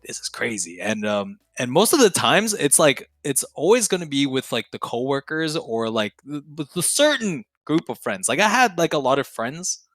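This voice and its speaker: A young man, a podcast guest, telling stories in a casual, slangy, profane and excitable way. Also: medium pitch, normal speed, dry recording, soft background music. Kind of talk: casual storytelling.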